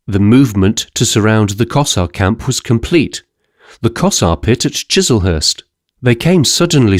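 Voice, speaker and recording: A man's voice: mid-range voice, no room sound, clean studio sound, close to an everyday voice. A man voicing a respectful young male messenger who keeps addressing his listener as sir, in an audiobook. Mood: urgent, respectful. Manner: deferential, keeps saying sir.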